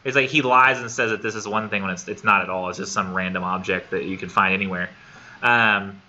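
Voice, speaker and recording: A man teaching a college English class in a casual, animated lecture with many fillers. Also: lowish voice, a little fast, muffled recording, a little hiss or hum.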